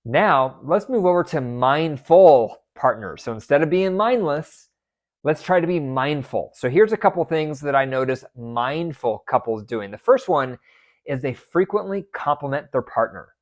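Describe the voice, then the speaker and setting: A man's voice: fairly high pitch, lively intonation, moderate pace. A man hosting a podcast as a psychologist, giving marriage advice in an emphatic, repetitive coaching tone.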